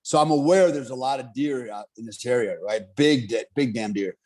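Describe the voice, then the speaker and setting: A middle-aged man telling a story in casual, profane talk, animated and laughing often. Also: medium pitch, brisk.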